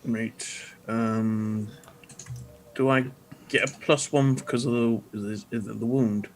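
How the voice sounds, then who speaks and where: A man's voice: on the low side, steady tone, takes it slowly. Casual man playing a tabletop game. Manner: casual, unsure, thinking aloud. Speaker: player.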